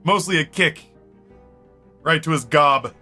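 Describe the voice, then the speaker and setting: Bright-voiced man telling a rowdy story. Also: on the high side, takes it slowly, soft background music. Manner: animated, swears freely, laughs often. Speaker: streamer. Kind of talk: casual storytelling during a game stream.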